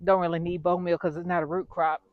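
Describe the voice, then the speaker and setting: A woman's voice: on the low side, flat delivery, fast talker, no room sound, narrow, tinny audio. Woman gardening outdoors and chatting to camera, breathless, easygoing, laughs at herself. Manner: chatty, self-deprecating, talks while working. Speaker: gardening vlogger. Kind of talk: casual gardening vlog.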